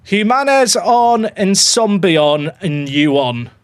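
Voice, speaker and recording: A man live-streaming a football management game, chatting excitedly to his viewers and reacting to every goal. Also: sits high, slow pace, clear, resonant tone. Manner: excitable, chatty, talks to his dog and chat. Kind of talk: live gameplay commentary.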